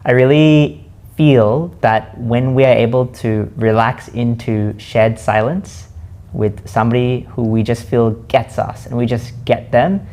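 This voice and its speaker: A man hosting a reflective spoken monologue, slowly musing and asking himself questions aloud. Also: medium pitch, mellow. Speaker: host.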